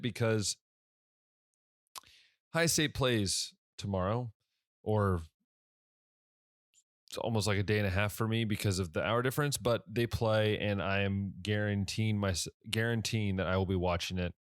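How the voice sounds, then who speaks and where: Tired young man with a smooth low voice. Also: no room sound, studio quality. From Ohio. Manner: rambling, self-correcting, many fillers. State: tired, yawning. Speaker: sports podcast host. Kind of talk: casual solo podcast talk.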